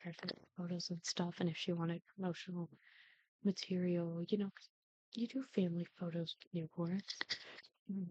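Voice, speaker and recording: A woman's voice: mid-range voice, a little mellow, no room sound. A young woman YouTuber chatting casually over gameplay, rambling with frequent ums. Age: young adult. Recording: dull lo-fi dry sound.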